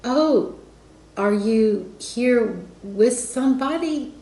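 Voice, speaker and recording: A curious young stranger, baffled and prying, her questions climbing high and sharp with disbelief, as a woman puts her on. Her voice rides well above her performer's own, in a rising pitch that keeps asking. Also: lively intonation, very slow, creaky, echoey room, full character voice, poor audio. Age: young adult.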